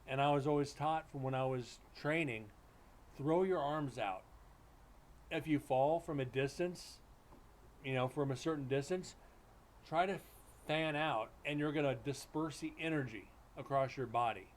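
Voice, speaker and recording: A man's voice: fairly high pitch, normal speed. A man hosting a livestream, telling stories in a loose, blunt, joking way. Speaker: livestream host. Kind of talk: casual storytelling chat. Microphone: streaming setup mic.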